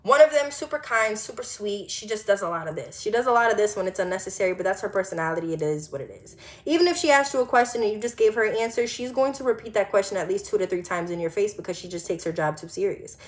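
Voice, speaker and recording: A twenty-year-old woman vlogger tells a storytime monologue, animated and blunt, swearing freely and throwing out rhetorical questions. Her mid-range voice moves fast with few pauses.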